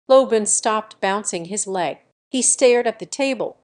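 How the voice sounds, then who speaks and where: A calm young woman in her twenties narrates her own story at a measured pace, composed and steady. Her voice sits at an ordinary middle pitch for a woman. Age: 20s. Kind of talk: first-person story narration.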